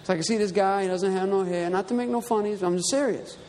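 High-voiced preacher in a reverberant hall. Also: male voice, fast talker, darkish tone, slight background noise. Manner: storytelling, conversational, rising emphatic. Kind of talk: sermon. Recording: reverberant hall with faint ambience.

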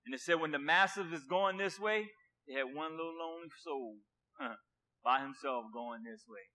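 Bright-voiced preacher man, impassioned. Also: a little high, moderate pace. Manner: impassioned, swinging from hushed to loud; repeats words for emphasis. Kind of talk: sermon.

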